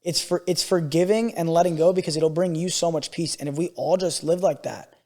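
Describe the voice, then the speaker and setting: A man's voice: fairly high pitch, a little fast, a little mellow, long reverb tail. A man co-hosting a podcast, telling stories animatedly and swearing freely in casual chat. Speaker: podcast co-host.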